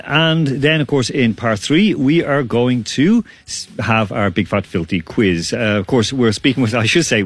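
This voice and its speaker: A man's voice: lowish voice, no room sound. A man hosting a radio sports roundup from a studio, chatty and rambling with lots of fillers. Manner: chatty, rambling, self-deprecating with many fillers. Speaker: radio sports show host.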